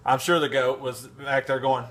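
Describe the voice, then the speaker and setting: A man's voice: medium pitch, flat delivery, moderate pace, fairly bright tone. A man telling a casual, rambling anecdote in a vlog, full of restarts and fillers. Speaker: vlogger. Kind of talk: casual storytelling.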